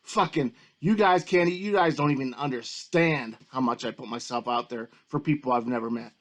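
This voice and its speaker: A man's voice: mid-range voice, moderate pace. A man ranting angrily in a commentary video, swearing heavily and repeating himself as he gets worked up. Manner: profane, agitated, repetitive. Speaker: YouTube commentator.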